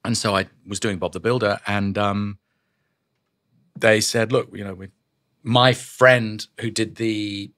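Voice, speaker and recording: An English voice actor chatting animatedly in a studio interview, telling stories and slipping into character voices. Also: male voice, on the low side, steady tone, measured pace, fairly bright tone, no echo. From England. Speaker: voice actor guest. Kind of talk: casual chat.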